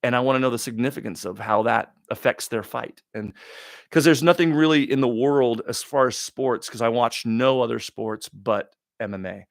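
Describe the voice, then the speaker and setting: A man hosting a live question-and-answer stream, talking in a rambling, excitable way with many restarts. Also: medium pitch, normal speed, vocal fry, no room sound, clean studio sound. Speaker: talk show host.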